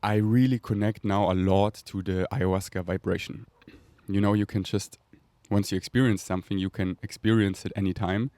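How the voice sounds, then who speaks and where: Warm and fairly low, a German-accented man's steady voice moves at an ordinary pace on an echo-free podcast recording. His loose spiritual monologue is dreamy and rambling, full of laughs and breathy whooshing sounds.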